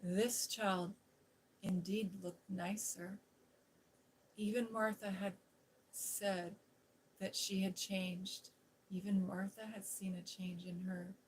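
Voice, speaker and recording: A woman host reading a classic novel aloud in a gentle, soothing ASMR style, with whispered asides. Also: mid-range voice, level tone, slow pace, pauses often, slight background noise, low-quality recording. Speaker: storybook reader and ASMR host. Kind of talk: softly spoken ASMR story reading.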